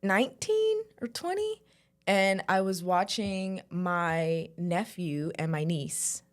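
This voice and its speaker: A young adult woman co-hosting a podcast, telling stories in a casual chat and acting out quotes. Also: slow pace. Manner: animated storyteller, acts out quotes with squealing high voices. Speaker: podcast co-host.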